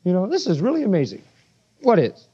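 A man's voice: high-pitched, huge pitch swings, fairly quick, warm tone, husky, highs cut off. A man preaching a sermon verse by verse, emphatic and full of rhetorical questions.

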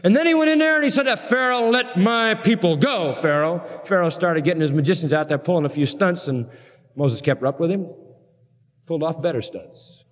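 A man preaching a sermon, telling stories dramatically and building his emphasis to loud peaks. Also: a little high, a little fast, big-room sound. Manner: animated, dramatic storytelling with rising emphasis.

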